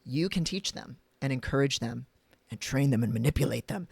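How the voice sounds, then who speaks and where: A man's voice: mid-range voice, expressive, a little fast, gravelly, a little mellow, slightly rough, dry recording. A man reading from his own book on a livestream, speaking frankly and going off on chatty personal tangents. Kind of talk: reading aloud with casual asides on a livestream. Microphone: desk mic for a live stream.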